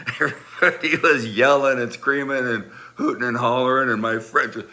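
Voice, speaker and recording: A man telling a funny true story from his school days in an animated way, laughing as he goes, with rambling restarts. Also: mid-range voice, moderate pace. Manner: animated, laughs through the telling, acts out voices. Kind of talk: personal anecdote storytelling.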